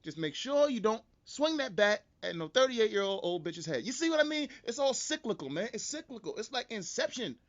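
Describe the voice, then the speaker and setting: A high-voiced man hosting a podcast, riffing through an animated, profane comedic rant. He jokes without pause and swears freely. The recording is dull and lo-fi. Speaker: podcast host.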